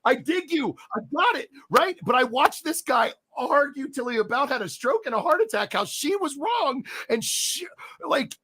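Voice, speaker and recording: Middle-aged male co-host, high voice, swings a lot, profane storyteller. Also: very animated, normal speed, sharp tone. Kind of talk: casual chat.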